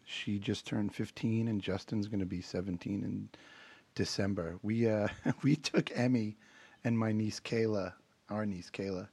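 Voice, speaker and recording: A man chatting casually as a guest, who often clears his throat and swears. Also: on the low side, fairly even intonation, a little slow, darkish tone, dry recording. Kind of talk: casual chat.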